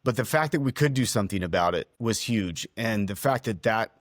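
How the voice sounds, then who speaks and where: Earnest, emotional man with a lowish voice. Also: lively intonation, fairly quick, dry recording, studio quality. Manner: earnest, heartfelt, emotional storytelling with restarts. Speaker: dentist and podcast co-host. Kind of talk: reflective podcast conversation.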